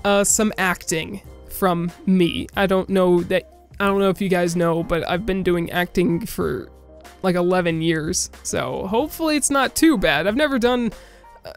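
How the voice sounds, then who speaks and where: A young man chatting casually to his viewers as a gaming creator, self-deprecating and quick to laugh at himself. His voice sits rather high for a man. Faint music runs underneath. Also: clean tone. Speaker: gaming YouTuber. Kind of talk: casual vlog to camera.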